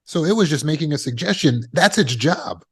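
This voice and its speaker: A man's voice: fairly high pitch, lively intonation, moderate pace, fairly bright tone, breathy edge. A man teaching trauma recovery as a coach, speaking emphatically and repeating phrases for effect. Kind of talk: motivational teaching talk.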